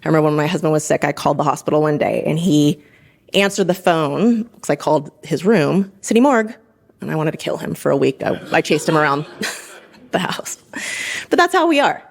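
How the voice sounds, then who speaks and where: This woman, also in her thirties and a physician assistant, recounts her own experience in a lively way, frequently laughing and performing others' lines. She speaks a little fast, low in pitch, with vocal fry.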